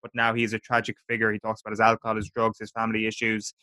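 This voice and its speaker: Fairly low in pitch yet monotone, his voice races along, pushed and bright, with no echo at all. On his laid-back podcast he recaps a TV episode one scene at a time, recounting events and quoting the characters.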